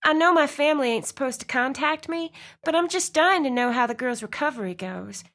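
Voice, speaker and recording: Woman doing a sweet, chatty young Texan belle with a Southern drawl, pitched high, storybook heroine. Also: expressive, brisk, fairly bright tone. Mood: pleading.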